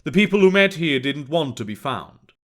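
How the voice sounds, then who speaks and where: A man narrating an alternate-history story in a steady, matter-of-fact reading. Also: a little high, normal speed.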